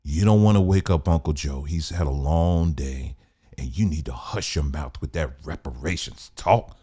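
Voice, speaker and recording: A man's voice: very deep voice, normal speed, mellow, breathy edge, pitched below the performer's own voice. A man doing a smug scolding party insider. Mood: condescending. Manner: condescending, shushing, scolding. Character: smug male party insider hushing people.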